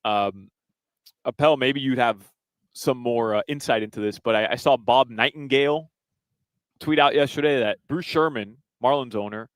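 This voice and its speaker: A man reading sports headlines and weather on a live radio show from an arena, brisk, with fillers between items. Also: medium pitch, fairly bright tone, no room sound. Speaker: radio update reader. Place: live remote broadcast at an arena.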